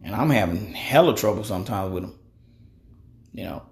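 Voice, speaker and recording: With a lowish voice, vocal fry, and lively intonation, a man in his thirties talks at a moderate pace over slight background noise. Hosting his podcast, he gives blunt opinions in a chatty monologue, cussing liberally and leaning on "you know."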